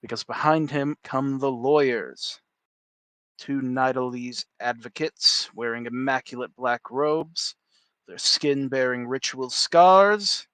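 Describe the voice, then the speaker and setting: Male game master, close dry mic, mid pitch, descriptive narration. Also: slow, a bit bright, no echo. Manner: descriptive, laughs often.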